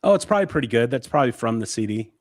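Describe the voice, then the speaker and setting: A man's voice: mid-range voice, sing-song, racing, dry recording. A man hosting a podcast, chatting casually in an amused, self-mocking way. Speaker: podcast host. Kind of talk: casual chat.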